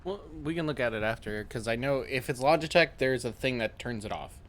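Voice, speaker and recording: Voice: mid-range voice, lively intonation, a little fast, fairly bright tone. Tabletop player, easygoing, offhand delivery. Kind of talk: casual tabletop play.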